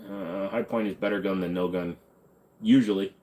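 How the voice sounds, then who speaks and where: A man hosts a live stream and fields chat questions in a blunt, offhand, casual way, humming and singing snippets between them. His voice is low, steady and dark, at a normal speed.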